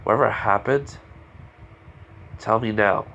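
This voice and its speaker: A man voicing a blunt, bitter teenage hero in training, lecturing in a low-key way in a fan story reading. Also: takes it slowly, fairly bright tone, muffled recording, slight background noise.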